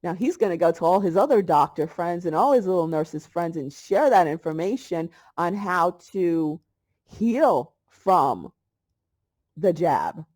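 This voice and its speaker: A middle-aged woman with a lowish, dark-toned voice vlogs about holistic health. Her casual spiritual monologue unfolds as a chatty story where she acts out both sides of a conversation.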